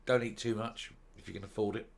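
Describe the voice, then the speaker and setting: A middle-aged man giving furious political commentary on a vlog, hurling insults and mockery with loud outbursts. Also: fairly low pitch, little pitch movement, brisk, vocal fry. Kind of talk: angry ranting commentary.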